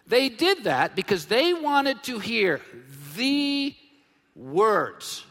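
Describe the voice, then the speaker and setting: A man in his fifties preaching a sermon as pastor, emphatic and animated, dropping to a hush and then bursting out loud. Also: extremely high pitch, measured pace. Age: 50s. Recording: long hall reverb.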